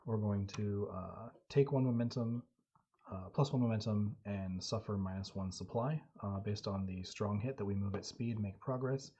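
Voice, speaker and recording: A man narrating a solo tabletop game on stream in a relaxed, halting storytelling manner. His voice is husky and mellow and sits on the low side. The audio is dull and lo-fi. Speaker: game master and solo player.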